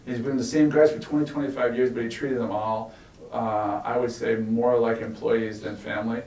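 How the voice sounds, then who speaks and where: Middle-aged male ex-executive, gravelly, animated anecdotes, recorded far off in an echoey room. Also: mid-range voice, moderate pace. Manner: animated, laughs while recounting anecdotes. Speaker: former tech executive sharing stories. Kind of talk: relaxed storytelling in a Q&A. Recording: roomy and from far off with faint noise.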